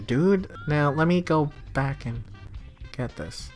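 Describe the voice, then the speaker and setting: A man giving casual, excitable let's-play commentary, swearing and laughing often. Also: fairly high pitch, slow. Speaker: gamer. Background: faint game music.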